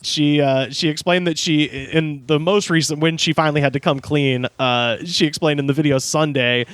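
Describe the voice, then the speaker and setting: A man's voice: on the high side, fairly even intonation, moderate pace, a bit bright, smooth, dry recording. A man co-hosting a podcast in casual chat, laughing often and swearing as he recounts news stories. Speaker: podcast co-host.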